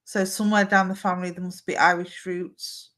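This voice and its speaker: Female medium, talky and warm-paced, live-stream reading. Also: lowish voice, flat delivery, a little fast. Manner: chatty, relays messages from spirit.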